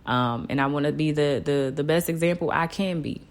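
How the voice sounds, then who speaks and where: A woman talks straight into her own podcast in a loose, personal monologue. Her voice sits notably low, and she speaks with open emotion, often leaning on "you know.". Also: fairly quick. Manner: candid and emotional, with frequent "you know" fillers. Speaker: podcast host.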